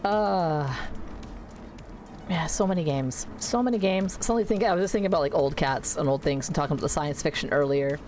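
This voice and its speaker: A woman's voice: low-pitched, a little fast, darkish tone, a little hiss or hum, rough recording. A woman streamer chatting casually and rambling about her day while she plays a game at home. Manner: rambling, chatty, self-correcting. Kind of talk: casual gameplay chat. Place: home computer room.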